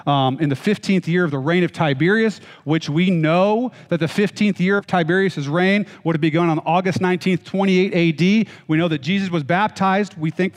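A man preaching a sermon, reading scripture and then explaining it in a conversational way with joking asides to the congregation. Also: fairly high pitch. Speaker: pastor. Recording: long hall reverb.

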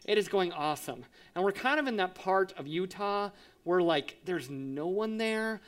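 A man in his thirties, a pastor, telling a lively personal story in a sermon, acting out voices and sound effects. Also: high voice, normal speed. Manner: animated, acts out quotes with sound effects.

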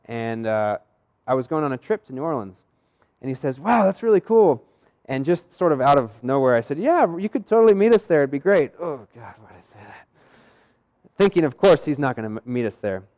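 A young man delivers a sermon as a running story, chatty and easygoing. He slips into other people's voices when he quotes them. His pitch sits in a plain middle range. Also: a little mellow, smooth. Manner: conversational, acts out quoted dialogue. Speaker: pastor.

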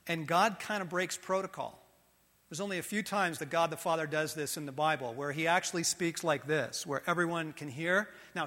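A man preaching a sermon in an animated way, swinging from loud outbursts to soft, intimate passages. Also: on the high side, in a large hall.

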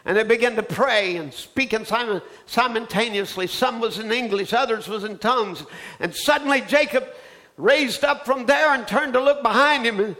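A man preaching a sermon, telling a story that builds into fervent, shouted preaching. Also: very high-pitched, normal speed.

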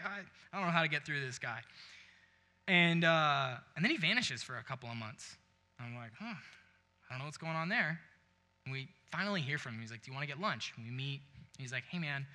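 A man's voice: on the high side, bright, forceful tone. A young man preaching a sermon, telling a story with acted-out quotes and laughing along. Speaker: pastor. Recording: long hall reverb.

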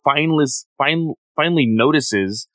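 A man's voice: fairly high pitch, normal speed, a bit bright, no room sound. A man retelling a story in casual chat as a podcast co-host, rambling and full of "like". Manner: rambling, many "like" fillers. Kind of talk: casual chat recapping a comic.

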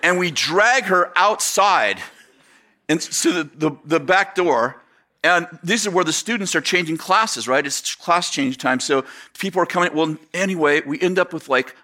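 A male pastor telling a story from the pulpit, jumping into quick impressions of the people in it and tripping over his own restarts. His voice sits fairly high and sounds bright and forceful. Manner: animated storyteller acting out dialogue, many fillers and restarts. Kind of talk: sermon with storytelling.

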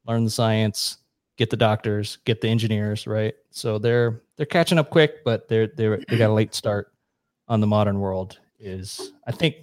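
An American man on a podcast, explaining history in a blunt, profane, brisk storytelling way. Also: on the low side, a little mellow, no room sound, studio quality. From United States. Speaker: podcast guest. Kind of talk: casual explanatory chat.

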